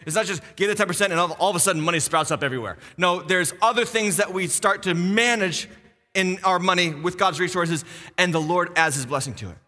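A middle-aged man, a lead pastor, preaching a sermon in a church with animated jokes and repeated key phrases. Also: high voice, brisk. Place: church auditorium. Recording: long church reverb.

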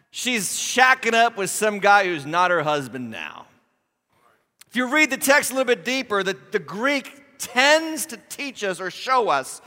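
A man as lead pastor, preaching a sermon with animated, humorous storytelling that acts out Bible scenes. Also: sits high, big-room sound.

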